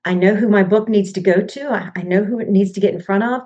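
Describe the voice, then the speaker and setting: A woman's voice: medium pitch, quick pace, warm tone, lo-fi sound. A middle-aged woman hosting a podcast as a book coach, talking in a chatty, rambling way that drifts into tangents. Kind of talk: casual chat.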